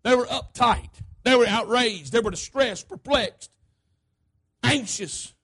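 A man preaching a sermon, emphatic and repetitive, calling out to the congregation and swinging between shouts and hushed asides. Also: very high-pitched, measured pace, husky. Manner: emphatic, repetitive, call-and-response.

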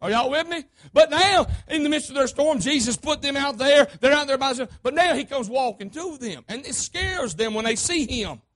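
A preacher with a strikingly high voice delivers a fervent sermon. He repeats his phrases, calls out to the church for responses, and leaps from shouted lines down to soft, hushed asides. His melody rises and falls constantly. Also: expressive, a little fast, hardly any pauses. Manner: emphatic, repetitive, call-and-response.

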